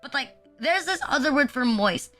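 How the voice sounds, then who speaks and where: A young woman, her voice high and bright, chatting on a live stream. She rambles and puts herself down, piling "like" into almost every phrase, while faint music plays behind her. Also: animated, moderate pace. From Philippines. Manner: rambling, filler-heavy, self-deprecating. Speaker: VTuber streamer. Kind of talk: casual live-stream chat.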